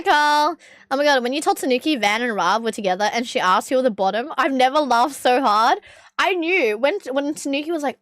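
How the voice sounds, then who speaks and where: A woman's voice: fairly high pitch, fairly bright tone, no echo, clean studio sound. A young woman with an Australian accent telling a story to her stream in a casual, rambling way, with many fillers and bursts of laughter. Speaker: livestreamer.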